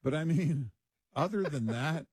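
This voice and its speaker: A man's voice: fairly high pitch, animated, measured pace, darkish tone, slightly rough, no room sound, clean studio sound. A man who grew up in Texas, co-hosting a late-night talk radio show in a conversational way. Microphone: studio microphone.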